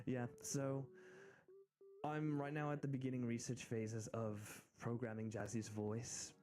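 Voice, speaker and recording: An American man streaming, chatting casually and excitedly in rambling asides. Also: medium pitch, slow pace, long pauses, faint music behind. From United States. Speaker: VTuber streamer. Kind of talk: casual live-stream chat.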